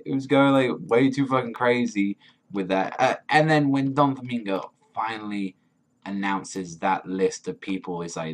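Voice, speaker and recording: A man giving a casual chapter review, rambling with many "like"s, excitable and swearing freely. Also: mid-range voice, moderate pace. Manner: rambling, heavy use of "like"; profane, excitable. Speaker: manga reviewer.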